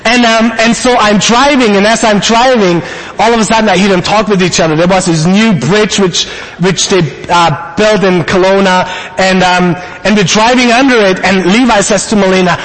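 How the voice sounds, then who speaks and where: A man preaching a sermon, telling a family story with animated quoted asides. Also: sits high, moderate pace, in a large hall, low-quality recording. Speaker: pastor.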